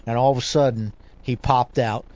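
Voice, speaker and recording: A man's voice: mid-range voice, fairly even intonation, moderate pace, darkish tone, lo-fi sound. A man in casual conversation, telling a long fishing story with many restarts and "you know"s. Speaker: guest angler.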